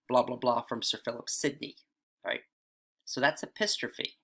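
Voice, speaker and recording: A man's voice: medium pitch, steady tone, moderate pace, vocal fry, sharp tone. A man teaching writing in a casual video lesson, often checking in with "all right" and "right?".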